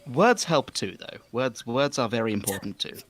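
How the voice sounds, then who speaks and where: A man's voice: medium pitch, expressive, moderate pace. A man playing a flirtatious winged female character in a tabletop game, speaking in a theatrical, camp way. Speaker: player. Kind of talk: in-character tabletop role-play.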